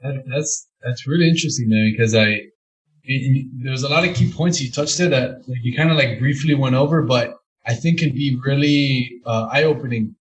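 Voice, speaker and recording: A man's voice: mid-range voice, normal speed, muffled recording. A man hosting a casual podcast interview, asking long, loose questions full of slang and restarts. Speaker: podcast host.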